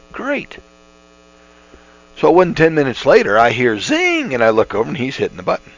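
Middle-aged guy doing a bible talk on the radio, folksy and earnest, lively ups and downs, kinda muffled lo-fi sound. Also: medium pitch, normal speed, pauses often. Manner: folksy, earnest, with many restarts. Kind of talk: conversational radio Bible teaching. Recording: dull lo-fi radio audio with mains hum.

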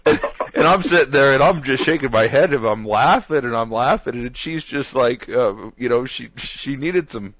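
A man hosting a casual talk show, telling an animated story and laughing along as he goes. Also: medium pitch, normal speed, lo-fi sound.

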